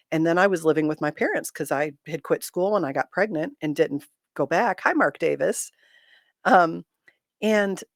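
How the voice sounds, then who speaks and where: A woman's voice: low voice, no echo, clean studio sound. A middle-aged woman hosting a casual livestream chat, speaking candidly with self-deprecating humor and reading viewer comments aloud.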